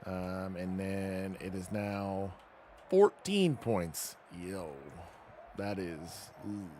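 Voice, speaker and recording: Man, low voice, casual gaming stream, wry self-mocking commentary, faint hum behind. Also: animated, very slow, darkish tone. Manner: wry, self-mocking, talks through car setup. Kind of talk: casual live gameplay commentary.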